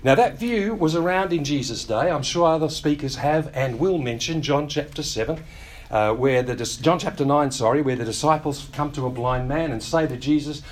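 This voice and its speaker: A male pastor with a slightly high voice teaches through a sermon conversationally, adding wry asides and quick acted-out quotes of other people.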